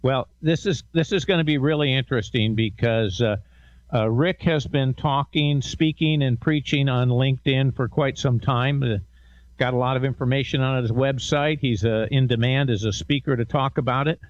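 A man hosting a casual radio talk show, relaxed with frequent hesitations. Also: medium pitch, normal speed, no echo, highs cut off.

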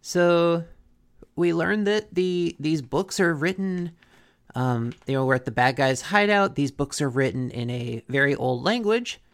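This man's voice is a little high and his pace unhurried. Co-hosting a podcast, he chats casually through a recap of a cartoon episode, animatedly performing lines from it.

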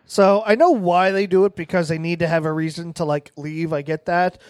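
Brief: male podcast co-host, higher voice, dry sound, blunt and exasperated. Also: steady tone, fairly quick, darkish tone, no echo. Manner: blunt, exasperated critique with swearing. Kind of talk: casual movie review chat.

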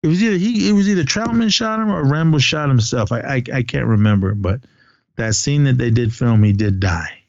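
A man with a medium-pitched, darkish, expressive voice speaks briskly while hosting a casual movie chat. He rambles through retold scenes with many restarts, and the dry recording is dull and lo-fi, with no echo.

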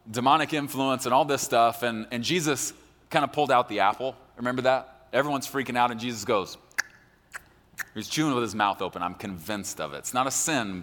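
A man preaching a sermon as pastor, animated and joking, acting out quotes in a large church. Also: medium pitch. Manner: animated, jokey, acts out quotes. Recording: long hall reverb.

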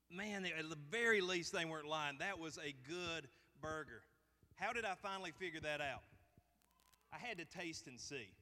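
A man's voice: a little high, bright, forceful tone. A man preaching a sermon as a pastor, folksy and conversational, joking with his congregation. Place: church sanctuary. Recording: long hall reverb.

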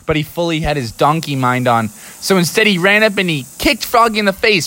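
A woman's voice: on the low side, animated, brisk, hardly any pauses, fairly bright tone. A woman improvising a playful, chatty story for children.

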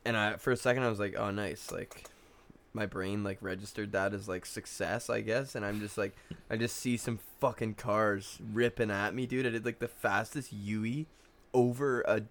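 A man's voice: on the low side, fairly even intonation, moderate pace, a bit bright, slight background noise. A young man co-hosting a podcast in casual chat, rambling through his stories with plenty of "like" and swearing. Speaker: podcast co-host.

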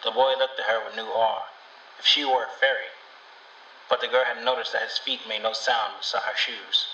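A man calmly narrating a storybook in an even storytelling manner. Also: medium pitch, moderate pace, slight background noise. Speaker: storybook reader. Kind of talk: scripted narration. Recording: roomy, distant, dull sound.

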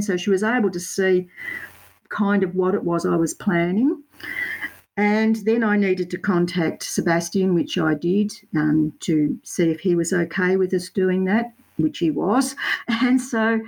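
Chatty Australian woman, low voice. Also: darkish tone, poor audio. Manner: rambling, self-correcting storytelling with Aussie slang. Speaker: guest artist. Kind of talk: casual interview chat.

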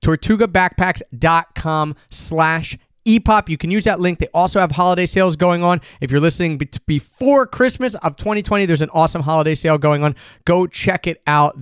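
A man hosting a casual travel podcast, chatty and upbeat, with quick restarts, recorded at home. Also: on the high side, clear, resonant tone, no echo, studio quality. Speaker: podcast host. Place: home room.

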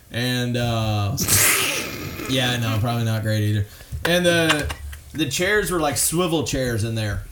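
A man's voice: medium pitch, slight background noise. A man telling a rowdy story on a podcast, swearing, rambling and laughing through it. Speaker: guest comedian telling a story.

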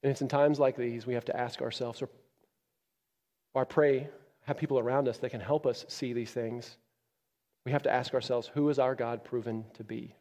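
Male pastor, sermon, swings between loud emphatic peaks and quiet low stretches, mid-pitched voice, long hall reverb. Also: fairly even intonation, moderate pace, pauses often. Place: church.

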